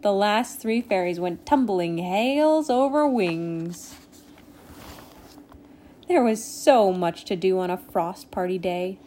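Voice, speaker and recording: A woman reading a children's storybook aloud in a gentle, expressive way. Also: medium pitch, takes it slowly, a little hiss or hum. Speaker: storybook reader.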